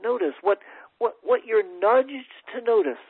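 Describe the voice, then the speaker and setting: A man with a high voice gives an inspirational talk to his congregation, circling back over words and restarting his phrases. The sound is thin and tinny, as if heard over a phone line, with a dry close feel. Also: slightly rough, no echo. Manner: warm, repetitive, halting with many restarts. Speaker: spiritual teacher.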